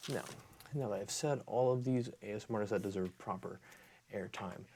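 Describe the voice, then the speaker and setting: Casual male ASMR creator: low, raspy, fry-heavy voice, loose rambling delivery with lots of self-corrections. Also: normal speed, darkish tone. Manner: rambling, often corrects himself mid-list. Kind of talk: casual talk to camera.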